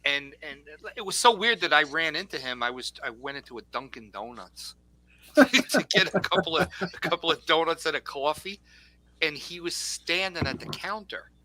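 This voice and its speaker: A male host tells stories in a casual chat, slipping into the voices of the people he quotes. His voice is slightly high and strikingly bright and forceful. He talks with lively, animated energy. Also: normal speed, poor audio. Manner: animated anecdote teller, acts out quoted dialogue.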